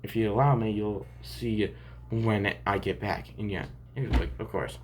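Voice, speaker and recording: Rambling low-voiced man telling a story. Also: steady tone, normal speed, darkish tone, slight background noise. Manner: rambling, restarting often with "and yeah". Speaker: fan fiction storyteller. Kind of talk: improvised story narration.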